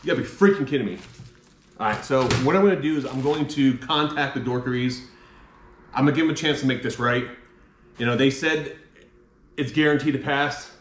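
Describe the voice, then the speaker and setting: A man's voice: mid-range voice, steady tone, brisk, a bit bright, a little hiss or hum. Exasperated man in an echoey room. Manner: frustrated, exasperated, swears mildly. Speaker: comic collector and vlogger. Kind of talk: casual unboxing vlog. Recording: echoey room, faint ambience.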